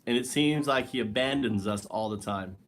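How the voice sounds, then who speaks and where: A man's voice: mid-range voice, normal speed, soft background music. A man talking alone on a home livestream, loose and rambling. His delivery is wry and joking, and he keeps addressing a listener who never answers. The talk is casual and meandering. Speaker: livestream host. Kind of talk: rambling solo livestream chat.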